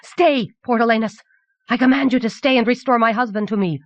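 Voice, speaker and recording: A woman's voice: fairly high pitch, a little fast, no echo, pitched above the performer's own voice, lightly acted. Woman reading as an angry queen, imperious, raised voice, dull lo-fi tape. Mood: commanding. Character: commanding furious young queen.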